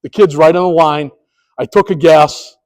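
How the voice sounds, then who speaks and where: High-voiced man telling an umpire story. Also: moderate pace, rough recording. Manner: animated, acts out scenes. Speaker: sports officiating trainer. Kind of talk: storytelling presentation.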